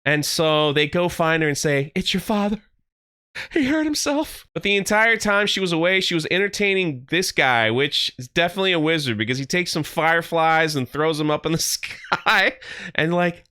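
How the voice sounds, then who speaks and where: A man hosting a casual online review, talking bluntly and sounding exasperated as he retells scenes with quick voiced asides. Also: on the high side, pushed and bright, clear, resonant tone. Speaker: YouTube show host reviewing a TV series.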